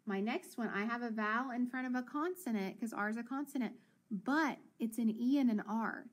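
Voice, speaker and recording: Patient female teacher, higher voice, coaching kids through reading. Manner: encouraging, sounds words out slowly. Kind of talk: phonics lesson for children.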